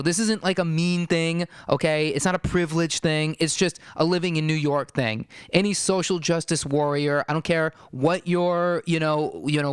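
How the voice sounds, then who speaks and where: Podcast host, young man, slightly high voice, smooth and dry, wry rambling storyteller. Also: no room sound. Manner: rambling and wry, heavy on fillers like "you know". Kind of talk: casual storytelling monologue.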